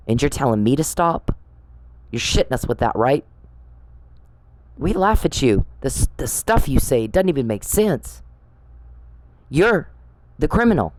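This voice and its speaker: A woman's voice: rumbling low, animated, normal speed, long pauses, a little mellow, no echo, poor audio. A woman hosting her own podcast, telling a story bluntly and with swearing, accusing someone she addresses directly. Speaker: podcast host. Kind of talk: angry personal podcast monologue.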